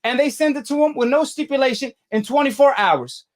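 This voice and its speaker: A man's voice: very high voice, expressive, brisk. A man hosting a call-in boxing debate show, combative and slangy, hammering callers with the same challenge. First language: Arabic. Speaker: talk show host.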